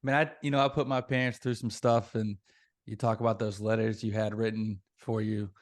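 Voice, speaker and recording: A man hosting a podcast, chatting casually and sharing his own recovery story in a relaxed way. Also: on the low side, a little fast. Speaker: podcast host. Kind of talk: casual interview chat.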